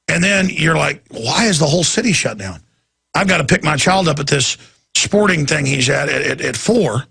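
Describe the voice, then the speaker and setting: A middle-aged man hosting a radio talk show, ranting emphatically and at times shouting. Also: a little high, gravelly, husky. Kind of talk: impassioned talk radio monologue.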